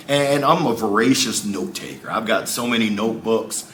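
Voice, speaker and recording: A man who is a guest speaker, talking in a lively, playful way and telling stories with energy in an interview. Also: on the low side, moderate pace, few pauses, reverberant, a little hiss or hum. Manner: upbeat, playful, animated storytelling.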